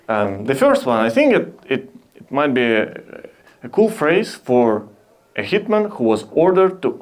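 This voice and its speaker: Deadpan Belarusian man, lively pitch. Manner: deadpan, halting, with restarts and self-deprecating asides. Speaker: stand-up comedian. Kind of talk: stand-up set. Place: comedy club stage with a laughing audience. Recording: live club audience laughter.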